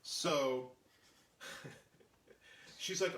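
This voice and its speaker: A man's voice: on the high side, extremely slow, echoey room, distant mic. A man hosting a live stream, telling a story in casual chat and acting out the voices of the people in it. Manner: animated storyteller, acts out quoted voices. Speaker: show host, artist telling a story.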